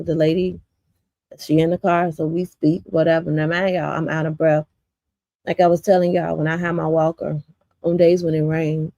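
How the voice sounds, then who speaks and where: A woman's voice: sits low, gravelly, warm tone, no echo. A woman from Chicago's south suburbs, a community vlogger, telling her viewers a story in a blunt, profane, rambling way with lots of fillers.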